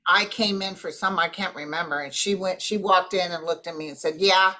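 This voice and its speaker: A woman's voice: on the low side, steady tone, a little fast, bright, forceful tone. A woman who works as a nurse, a guest in a casual chat, telling stories in a blunt, joking way.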